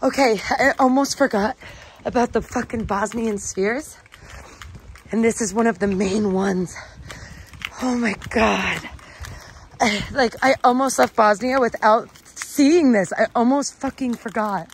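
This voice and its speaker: A young woman from North Dakota vlogging her travels, excitable and casually swearing. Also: fairly high pitch, a little slow, slight background noise, poor audio.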